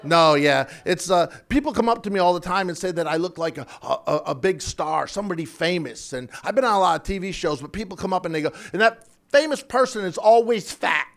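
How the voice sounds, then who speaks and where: A man's voice: high voice, lively intonation, a little fast, vocal fry. A man in his fifties performing a self-deprecating stand-up comedy routine on a club stage, with punchy delivery. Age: 50s. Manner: self-deprecating, punchy, shouts sound effects. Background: audience laughter.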